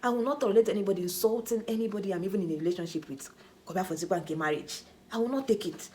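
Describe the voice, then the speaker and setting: A woman's voice: mid-range voice, very fast, a little hiss or hum. Chatty Nigerian woman telling a story. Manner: animated, chatty, with pidgin asides. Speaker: vlogger. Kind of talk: storytelling vlog.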